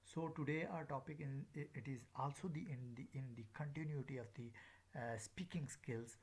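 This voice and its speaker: A man's voice: medium pitch, normal speed, darkish tone, slightly rough. A man giving a recorded lecture as a teacher, speaking in a hesitant way with many filler sounds.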